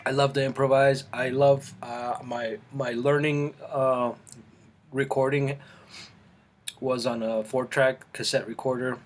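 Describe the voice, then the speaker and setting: A man in his forties, born in Colombia, chatting casually to camera in his home art studio, halting and full of restarts. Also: medium pitch, little pitch movement, slight background noise. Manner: rambling, halting, with many restarts and fillers. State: eating, mouth full at times. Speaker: artist and channel host.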